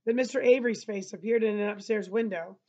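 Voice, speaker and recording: A woman teacher reading a novel aloud and pausing to explain passages to her listeners. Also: mid-range voice, warm tone. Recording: dull lo-fi recording.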